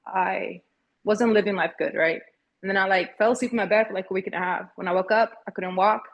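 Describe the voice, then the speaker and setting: A woman in her thirties telling a personal story as a podcast guest, halting and searching for words with frequent restarts. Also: mid-range voice, fairly even intonation, creaky, muffled recording. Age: 30s.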